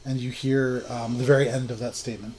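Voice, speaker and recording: A man narrates a tabletop game as game master, describing the scene in a relaxed way with many fillers. His pitch sits in the middle. A faint hiss runs under his voice. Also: a little fast.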